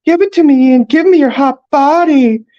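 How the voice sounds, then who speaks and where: A man voicing a teenage boy who mocks in a high, smothering girly falsetto, read from a story on a dull, lo-fi recording. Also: moderate pace, warm tone. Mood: mocking swoon. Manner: shrill, smothering, teasing.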